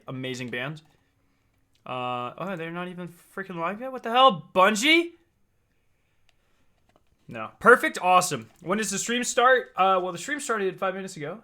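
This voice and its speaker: A young man streaming live, reacting in an excitable, profane way with frequent laughs. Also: fairly high pitch, normal speed, long pauses.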